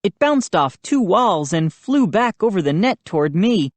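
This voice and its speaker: A woman reading a children's audiobook aloud at a slow, steady pace, her pitch moving lively through the lines. The reading is dry and close, with no room sound. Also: no echo. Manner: expressive, unhurried reading. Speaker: audiobook reader. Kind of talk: scripted audiobook narration.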